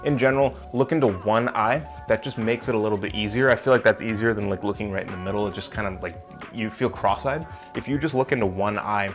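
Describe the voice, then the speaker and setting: Blunt young man giving advice. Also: on the low side. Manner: blunt and emphatic, with casual swearing; talks directly to the viewer in a coaching way. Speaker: self-improvement vlogger. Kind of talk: casual advice vlog.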